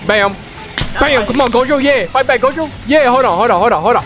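Excitable young man, high lively voice. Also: a little fast, music in the background. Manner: excitable, repetitive callouts. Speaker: gaming YouTuber. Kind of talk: live gameplay commentary.

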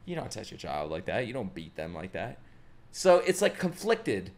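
A man giving casual reaction commentary as an anime reaction streamer, excitable and swearing freely. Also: lowish voice, normal speed.

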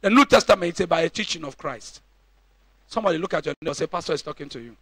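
A man's voice: on the high side, lively intonation, rapid-fire, pushed and bright, no room sound. A male pastor preaching a sermon, emphatic, repeating points and calling out questions to the congregation. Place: church.

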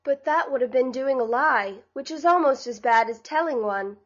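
A woman's voice: high voice, lively intonation, moderate pace. A woman voicing an honest, earnest young girl in a storybook, speaking in a pleading way on a slightly dull, lo-fi recording.

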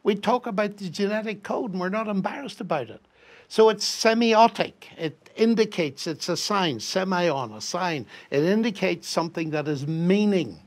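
An older man with a Northern Irish accent, telling an animated story as a professor guest in a conversation. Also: sits high, normal speed. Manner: lively anecdote-telling with acted quotes, chuckling.

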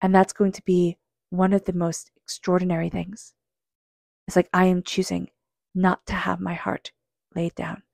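Female tarot reader, low-pitched and dry-sounding, earnest and calm, addresses the listener directly. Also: normal speed, vocal fry, no room sound. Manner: earnest, speaks straight to the listener. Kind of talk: psychic tarot reading.

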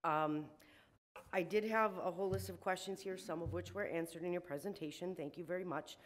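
A woman's voice: lowish voice, fairly quick. A woman giving public comment at a city meeting, shaky and emotional, indignant, with frequent ums. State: shaking with emotion. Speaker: resident speaking at public hearing.

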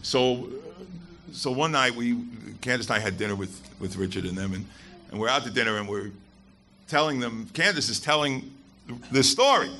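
Bright-voiced man giving a blunt, emphatic talk. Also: medium pitch, lively intonation, moderate pace, a little hiss or hum. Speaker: guest speaker at a skeptics event. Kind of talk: live public talk to an audience. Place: event hall with a live audience.

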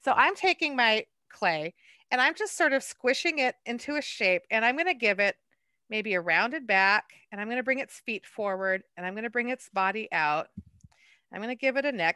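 A woman art docent leading a hands-on clay lesson, chatty and quick to laugh at herself. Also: fairly high pitch, expressive, pushed and bright, dry recording.

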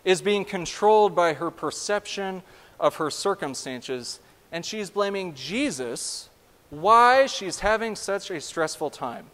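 A man preaching a sermon as pastor, animated and asking the congregation direct questions. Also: high-pitched, takes it slowly. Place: church sanctuary. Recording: long church reverb.

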